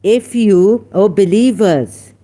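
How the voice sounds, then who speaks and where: A heated debate host who talks slowly and deliberately, pressing a caller with scolding rhetorical questions. The voice sits in a middle pitch and carries open anger and emphasis. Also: dark tone. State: angry.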